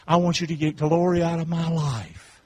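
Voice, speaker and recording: Man, pastor, high voice, call-and-response sermon, from hushed to shouting. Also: little pitch movement, normal speed, breathy edge. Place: church sanctuary.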